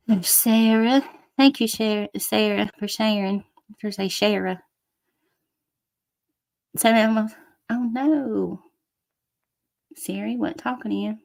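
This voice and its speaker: In a laid-back livestream, a woman reads viewer comments, addresses people with endearments, and breaks into swearing tirades. She speaks in a mid-range voice with vocal fry. The studio sound is clean, without room sound.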